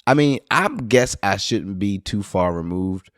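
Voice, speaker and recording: A man from New Orleans with a local accent, hosting a podcast and telling a rambling, profane story in casual monologue, now and then jumping into high excited bursts. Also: measured pace, no echo, studio quality. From New Orleans, USA. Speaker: podcast host.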